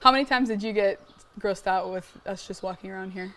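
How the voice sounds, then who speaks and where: A young woman from Hawaii who raises pigs shares lively, casual stories while giving a farm tour outside. Her medium-pitched voice moves a little fast, peppered with "like," and she imitates sounds as she goes.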